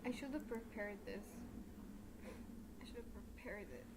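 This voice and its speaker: A woman's voice: mid-range voice, unhurried, heavy background noise. A young woman streaming a game live, rambling and chatty, self-mocking, with lots of fillers.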